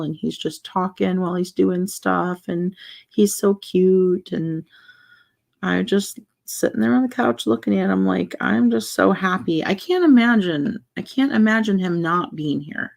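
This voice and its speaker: Young woman vlogger, soft-spoken rambling chat over a craft project, slow with some vocal fry. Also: fairly low pitch. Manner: rambling, soft-spoken, frequent fillers and restarts. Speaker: vlogger building a wooden puzzle. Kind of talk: casual chat while crafting.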